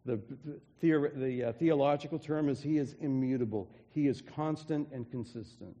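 A pastor preaching a sermon in an earnest way, often restarting phrases and dropping softly for emphasis. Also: male voice, mid-range voice, normal speed, big-room sound. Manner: earnest, with frequent restarts and soft drops for emphasis.

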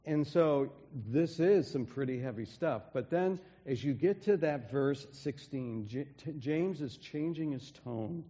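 A pastor preaching a sermon in an earnest way, often restarting phrases and dropping softly for emphasis. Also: male voice, mid-range voice, animated, a little slow, few pauses, in a large hall. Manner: earnest, with frequent restarts and soft drops for emphasis.

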